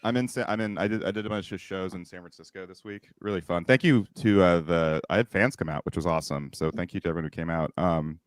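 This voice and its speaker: A man's voice: low-pitched, fast talker, hardly any pauses, clear, resonant tone, no echo. A man co-hosting a podcast, chatting casually with jokes, swearing and laughs. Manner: joking, swearing, laughs mid-sentence. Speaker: comedian and podcast co-host. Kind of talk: casual chat.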